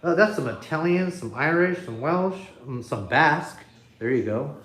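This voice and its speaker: A man's voice: on the high side, expressive, normal speed, a bit bright, roomy sound. A man hosting a casual livestream from his living room, talking off the cuff into his phone and chuckling as he reads comments. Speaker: livestream host. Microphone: iPhone.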